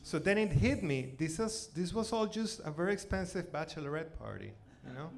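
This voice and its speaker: A man in his forties from Venezuela with a Spanish accent, performing a self-mocking stand-up set on a theater stage, loud one moment and muttering the next. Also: fairly high pitch, fairly quick, creaky. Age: 40s. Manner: animated, self-mocking, swings between loud outbursts and mutters. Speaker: stand-up comedian.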